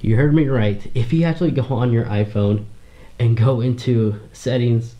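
A man's voice: mid-range voice, normal speed, highs cut off. A man casually explaining phone tips in a chatty voice-over. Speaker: tech YouTuber.

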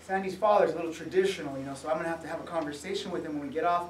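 A man quoting a friendly middle-aged guide, speaking quick and low with a confiding tone. It sounds as if it is recorded from afar in an echoey room. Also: background noise, natural voice. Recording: echoey room, mic from far off.

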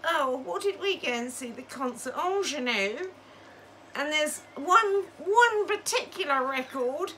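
A woman's voice: high voice, lively intonation, a little slow, pushed and bright, a little hiss or hum. A woman telling a funny story in casual chat, playful and teasing, laughing as she goes.

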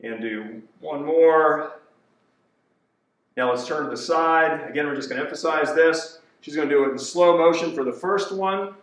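A man working as a fitness trainer, calmly cueing a kettlebell routine step by step. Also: on the high side. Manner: cueing movements step by step, slow and deliberate. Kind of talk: instructional exercise demonstration. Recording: echoey room, voice from far off.

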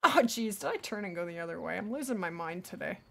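A woman's voice: on the low side, lively intonation, fast talker, vocal fry, pushed and bright. A woman streaming a hunting game live, chatting casually and thanking viewers by name.

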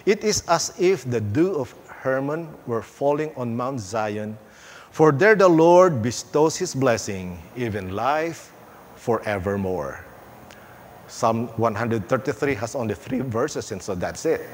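A male pastor preaching a sermon in a church, unhurried, with playful asides and emphatic pauses. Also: medium pitch, expressive, a little hiss or hum. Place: church sanctuary.

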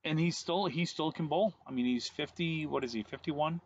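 A man's voice: a little high, normal speed, slight background noise. Guy in his 40s, casual podcast co-host, dry teasing talk, kinda muffled lo-fi sound. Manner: wry, teasing. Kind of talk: casual chat. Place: outdoor home deck. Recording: dull lo-fi sound.

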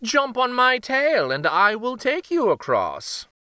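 A man's voice: very high voice, huge pitch swings, slow, bright, forceful tone, clear, resonant tone, no room sound, studio quality, voice pushed up, heavily acted. A man playing a sly coaxing fox. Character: sly smooth-talking adult male fox.

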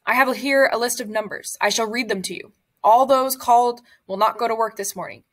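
A woman's voice: on the high side, a little fast, lightly acted. A woman reading a memoir aloud, voicing a stern male camp block elder with a curt, commanding manner.

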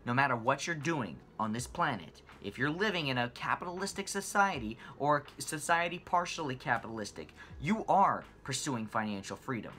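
A man's voice: mid-range voice, expressive, normal speed, hardly any pauses, bright, forceful tone, slight background noise. A man hosting his own channel, delivering a passionate, emphatic rant to camera and repeating phrases for stress. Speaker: finance channel host. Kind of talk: impassioned money rant to camera.

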